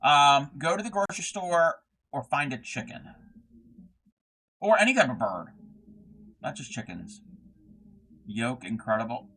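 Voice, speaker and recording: A man's voice: medium pitch, very animated, unhurried, pauses often, pushed and bright, breathy edge. A young man hosting a casual craft livestream, reading chat messages aloud and rambling with lots of fillers and restarts.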